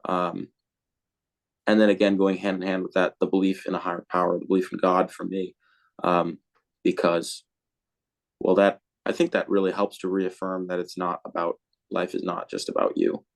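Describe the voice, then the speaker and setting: A man's voice: low voice, normal speed, gravelly. A man on a podcast, talking casually and rambling, with many fillers and restarts as he answers questions. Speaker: podcast co-host being interviewed.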